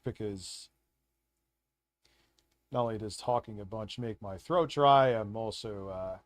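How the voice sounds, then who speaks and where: A man livestreams in a heated, profane rant, defending himself as he goes. His voice is gravelly with a cold, and the sound is dry and close. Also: lowish voice, measured pace, pauses often, dry recording. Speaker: streamer reacting to videos.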